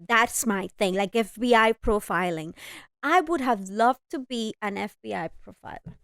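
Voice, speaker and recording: A woman with an accent heard as both Hispanic and Eastern European, co-hosting a podcast in an expressive, teasing way. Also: on the high side, normal speed, no room sound, clean studio sound. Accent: Eastern European-sounding Spanish. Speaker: podcast co-host. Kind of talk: casual chat.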